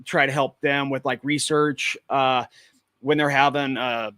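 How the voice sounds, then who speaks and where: His voice is mid-range with little pitch movement, unhurried and sharp-toned, and the recording is dry and clean like a studio. A paranormal investigator from Washington State, USA, he relates his experiences in a matter-of-fact, plain-spoken manner as a guest in a casual video-call interview.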